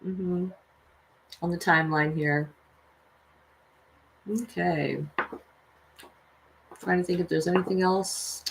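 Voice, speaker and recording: A woman's voice: fairly low pitch, vocal fry, a little hiss or hum. A woman reading tarot cards for her viewers in a casual livestream. She talks to them directly and earnestly, and swears freely when she gets worked up. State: mother of six children. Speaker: tarot reader and vlogger.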